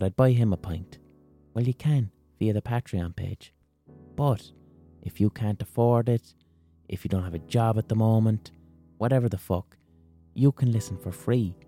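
Deep, mellow-voiced Irish man ranting. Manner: sweary, rambling and animated. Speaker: podcast host. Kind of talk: casual monologue.

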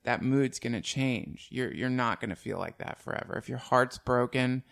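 A man's voice: medium pitch, normal speed, vocal fry, a bit bright. A man hosting a podcast, talking casually and animatedly, swearing and laughing as he speaks. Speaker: podcast host. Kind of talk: casual conversation.

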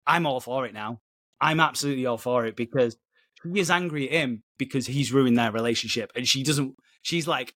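A man hosting a casual podcast chat, animated, laughing and swearing freely. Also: mid-range voice, brisk, no echo, clean studio sound. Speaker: podcast host. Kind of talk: casual chat recapping a soap episode.

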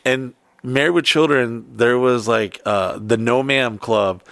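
A man's voice: medium pitch, unhurried, creaky, a bit bright, no echo. A man co-hosting a podcast, talking in a crude, rambling, laid-back way. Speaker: podcast co-host. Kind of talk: casual podcast banter.

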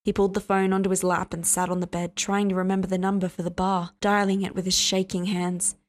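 A woman's voice: on the low side, flat delivery, fairly quick. Woman narrating a story steadily. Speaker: audiobook narrator. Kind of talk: scripted narration.

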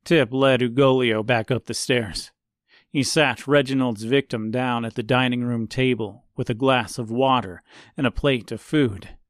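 A man narrating an audiobook in a slow, deliberate, even way. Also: mid-range voice, no echo, clean studio sound. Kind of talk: scripted narration.

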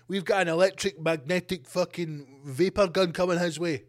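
A man hosting a podcast, ranting comedically with plenty of swearing and animated asides. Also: high-pitched, normal speed. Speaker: podcast host. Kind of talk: comedic rant.

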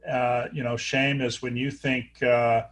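A middle-aged man talks through a story in an interview, stopping and restarting with lots of filler sounds. His pitch sits in an ordinary middle range for a man. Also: level tone, fairly bright tone. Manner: halting, many fillers and restarts. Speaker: guest, neurosurgeon.

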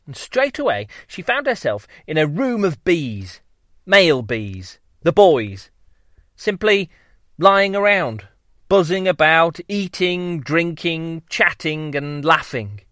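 A man narrating a children's story in a playful, drawn-out way. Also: on the high side, dry recording, clean studio sound. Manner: lively, playful, drawn-out delivery.

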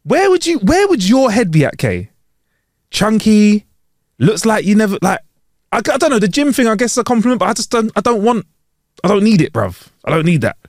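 A man's voice: high voice, brisk, dry recording, clean studio sound. A man co-hosting a podcast in casual chat, acting out dialogue as he tells stories and laughing often. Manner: animated storytelling, acts out dialogue, laughs often. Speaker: podcast co-host.

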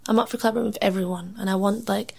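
A young woman musician talks in a relaxed, chatty way, with a gravelly creak in her voice. She laughs easily, fills her speech with "like", and acts out other people's words when she tells a story. Her pitch sits at an ordinary middle height. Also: racing. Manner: chatty, laughs often, says "like" a lot. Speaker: musician and MC, podcast guest. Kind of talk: casual interview chat.

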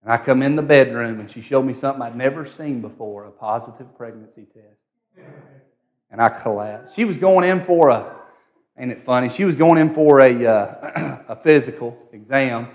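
A man preaching a sermon, telling a personal story and swinging from hushed, intimate tones to loud, excited cries. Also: mid-range voice, moderate pace.

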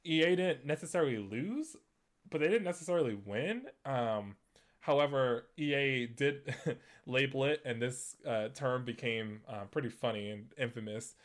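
A man hosts a gaming news show in loose, conversational commentary. He talks in a mid-pitched voice, full of fillers and restarts. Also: normal speed. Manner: conversational, many fillers and restarts, laughs at points. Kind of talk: casual commentary.

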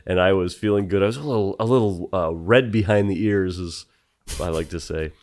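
A man's voice: low voice, a little fast, a little mellow. A man co-hosting a podcast, telling a story in casual chat and laughing often. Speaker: podcast co-host.

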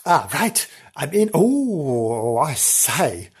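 A man's voice: on the high side, sing-song, very slow, husky, full character voice. A man voicing a nervous woman ghost hunter who stammers and hesitates in a comic podcast sketch.

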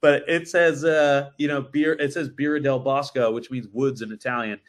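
A man telling a story as a podcast guest, animated and full of swearing. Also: medium pitch, normal speed. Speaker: brewery guest. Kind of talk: casual podcast chat.

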